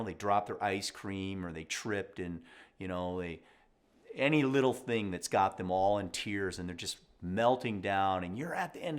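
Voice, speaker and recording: A middle-aged man talks as a mindset coach reacting to an article, his lowish voice rising and falling a lot. He is casual and animated, dropping "right?" often and slipping into short acted exchanges between parent and child. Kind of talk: reaction commentary.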